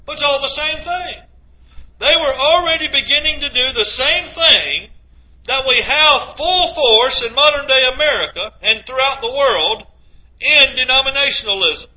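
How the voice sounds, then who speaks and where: A man's voice: very high-pitched, lively intonation, normal speed, pushed and bright. A man preaching a sermon, quoting scripture and asking his listeners rhetorical questions. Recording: dull lo-fi recording.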